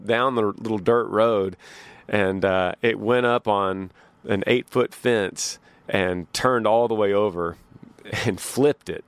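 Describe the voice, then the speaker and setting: A man hosts a podcast, spinning rambling, folksy stories full of restarts. His voice sits low, and it is recorded dry and close with no room sound. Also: no echo. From Texas. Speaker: podcast host. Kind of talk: casual storytelling.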